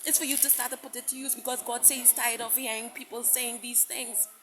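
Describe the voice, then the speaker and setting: A woman's voice: fairly high pitch, flat delivery, a little fast, noisy background. A woman preaching a sermon message with passion, repeating herself, stammering into restarts and quoting God at length. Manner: impassioned, repetitive, quotes God at length.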